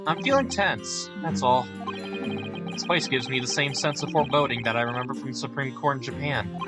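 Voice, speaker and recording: A man's voice: mid-range voice, expressive, brisk, loud music behind the voice, natural voice. A man voicing a tense young defense lawyer in a courtroom game, in a near-natural voice.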